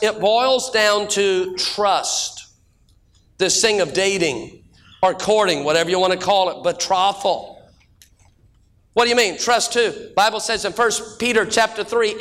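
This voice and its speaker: A middle-aged male pastor preaching a sermon full of folksy jokes and stories, speeding up and then slowing down for emphasis. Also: high voice, pushed and bright. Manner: folksy joking preacher, shifting between quick and slow drawn-out delivery.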